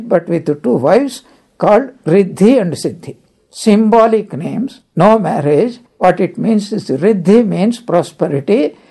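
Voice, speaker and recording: A spiritual teacher giving a scripture discourse, telling stories and explaining Sanskrit terms one by one in an unhurried way. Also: medium pitch, mellow, breathy edge.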